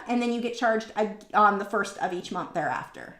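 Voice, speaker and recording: A woman's voice: medium pitch, expressive, normal speed, a bit bright. A woman hosting a casual art livestream, rambling chattily and reading out viewer comments. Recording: roomy echoey room.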